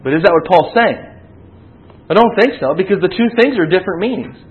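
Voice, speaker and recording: A man's voice: sits high, lively intonation, a little fast, muffled recording. A man preaching a sermon, teaching earnestly and rising to emphatic peaks. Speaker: pastor.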